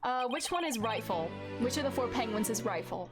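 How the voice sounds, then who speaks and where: A woman's voice: on the high side, expressive, a little fast. A woman streamer rambling and joking through casual gameplay commentary, laughing often, her voice sounding tired and strained. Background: game music.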